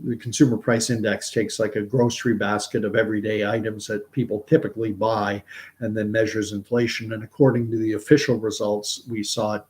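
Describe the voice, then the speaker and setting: A man's voice: lowish voice, darkish tone. A man hosting a livestream, talking in a rambling, conversational way and answering viewers. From Canada. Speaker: host of a commentary livestream. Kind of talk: casual livestream commentary.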